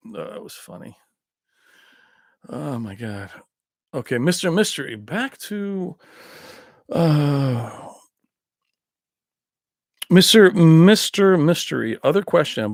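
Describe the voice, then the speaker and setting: A man's voice: medium pitch, dry recording, studio quality. A man hosting a casual home livestream about TVs, rambling loosely after a few drinks and laughing often. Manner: laughs often, slips into movie impressions. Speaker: tech livestream host. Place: his own home.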